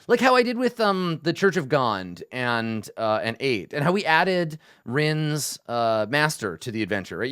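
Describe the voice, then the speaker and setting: List: man, game master, thinking aloud, lively pitch, smooth resonant voice, dry sound. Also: no echo. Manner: thinking aloud, musing with restarts. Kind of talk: casual session prep talk.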